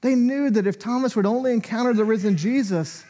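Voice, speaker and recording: A man's voice: very high-pitched, brisk, warm tone. A man preaching a sermon in a conversational way, acting out quoted lines with animation. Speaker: pastor.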